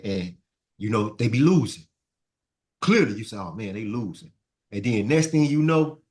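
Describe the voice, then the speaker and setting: In a medium-pitched voice, a man preaches to his Sunday school class in a lively way. He keeps repeating phrases so the students can answer.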